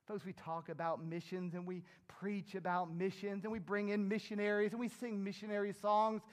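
A middle-aged pastor delivers a sermon with a high voice for a man. He preaches earnestly, building to emphatic surges. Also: flat delivery, normal speed.

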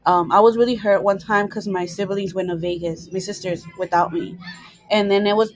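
A woman's voice: medium pitch, steady tone, moderate pace, dry recording, rough recording. A young woman co-hosting a podcast from her bedroom at home, talking candidly with frequent swearing and laughter. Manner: candid, profane, laughs often. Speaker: podcast co-host. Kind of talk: casual podcast chat.

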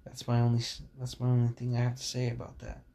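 A man's voice: mid-range voice, completely flat delivery, fast, gravelly, warm tone, a little hiss or hum. A young man hosting a casual podcast, talking in a blunt, rambling and profane way, full of fillers, with a sore voice. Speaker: podcast host.

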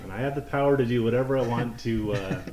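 A man narrating as game master for a tabletop game, in a chatty, halting way with fillers and restarts. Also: medium pitch, music in the background. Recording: roomy room.

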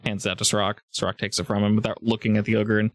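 A man's voice: on the low side, flat delivery, racing, no echo. A man narrating as game master, in a loose, rambling way full of fillers. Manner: rambling, many fillers and restarts. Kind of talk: improvised tabletop game narration.

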